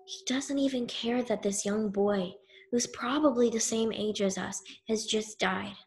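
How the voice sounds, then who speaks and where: Woman storyteller, measured first-person telling, very unhurried, solemn emphasis. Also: on the high side, a little hiss or hum. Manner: slow, grave, emphatic with pauses. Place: synagogue event.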